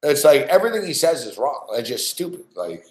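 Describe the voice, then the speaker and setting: A man's voice: mid-range voice, very animated, a little fast, echoey room. A man ranting in a frustrated, profane way as he reacts live to a game he has bet on. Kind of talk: casual live reaction rant.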